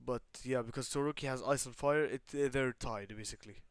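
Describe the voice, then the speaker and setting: Young guy riffing through a made-up story, smooth clear tone, dead-dry close sound, filler-heavy and sweary. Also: mid-range voice, quick pace, no echo. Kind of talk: casual chat, retelling a made-up story.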